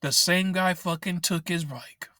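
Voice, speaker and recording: A man's voice: high voice, a little slow, bright, forceful tone, no room sound, studio quality. A young man angrily venting and swearing in a rant vlog, recorded in his parked car on a laptop microphone. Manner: angry, frustrated, swearing often. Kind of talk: ranting vent vlog.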